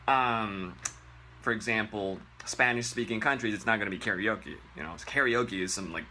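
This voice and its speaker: A man from Japan hosts a comedic Japanese lesson in a bright, sharp voice that swings widely up and down in pitch. He is animated and profane, and he mocks clumsy pronunciation with exaggerated impressions. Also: slight background noise. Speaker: Japanese language teacher. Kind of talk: comedic online language lesson.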